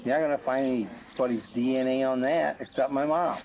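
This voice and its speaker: A man's voice: mid-range voice, fairly even intonation, fairly quick. A man being questioned by police, talking defensively and wryly, sidestepping the questions. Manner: defensive, wry, evasive. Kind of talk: police interview. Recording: dull archival footage with faint noise.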